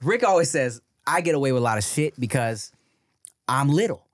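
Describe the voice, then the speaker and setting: A man co-hosting a podcast, chatting casually, reacting quickly and picking apart the comedy. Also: mid-range voice, animated. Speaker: podcast co-host. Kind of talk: casual chat.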